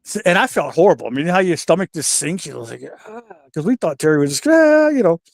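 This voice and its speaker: An older man with a fairly high voice spins backstage stories in a relaxed, chatty way. He slips into the voices of the people he quotes and swears freely. His voice is recorded close and dry, with no room sound. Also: fast, vocal fry, no room sound. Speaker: retired pro wrestler, guest. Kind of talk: casual storytelling interview.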